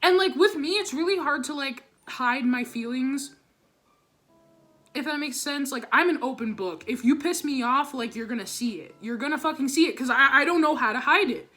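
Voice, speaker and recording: A woman's voice: sits high, normal speed, fairly bright tone. A teenage girl telling a storytime vlog, ranting with heavy profanity and constant "like" fillers, recorded on a camera or phone mic. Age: teens. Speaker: vlogger.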